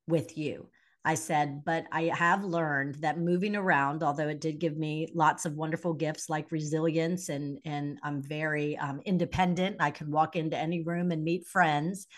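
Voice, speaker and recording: A middle-aged woman, a leadership coach and podcast guest, telling personal stories candidly and acting out the voices in them. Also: low voice. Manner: animated, acts out quoted dialogue. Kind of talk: candid conversational storytelling.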